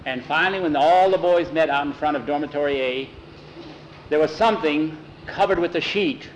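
A man telling a story aloud in a lively way, acting out the characters. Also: on the high side, moderate pace, dull audio, slight background noise. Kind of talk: spoken storytelling.

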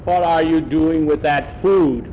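A man voicing a harsh, demanding farm boss who yells and grumbles impatiently. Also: a little high, lively intonation, normal speed, highs cut off, a little hiss or hum, lightly acted. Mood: gruff impatient. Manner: loud, yelling, impatient.

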